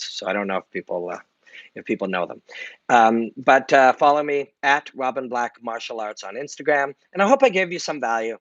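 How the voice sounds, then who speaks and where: A man's voice: medium pitch, no room sound, highs cut off. Candid, profane man chatting live. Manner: candid, reflective, swears freely. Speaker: martial arts analyst and channel host. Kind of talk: casual livestream chat answering viewer comments.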